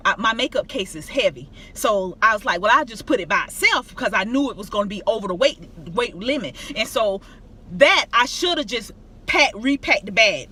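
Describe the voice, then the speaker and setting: A middle-aged woman tells a travel story to her viewers in a casual, emphatic, animated way. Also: mid-range voice, slightly rough. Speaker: vlogger.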